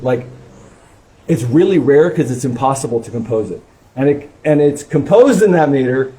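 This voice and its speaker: Guy teaching kirtan, really excited, mellow tone, counts out beats. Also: fairly high pitch. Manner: enthusiastic, chants meter syllables aloud. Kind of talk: casual class discussion.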